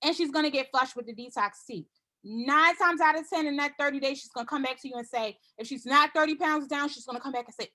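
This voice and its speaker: Woman coaching her sales team, high bright voice, confident and keeps repeating herself. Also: fast talker. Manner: confident, repetitive, acts out customer dialogue. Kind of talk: casual sales training talk.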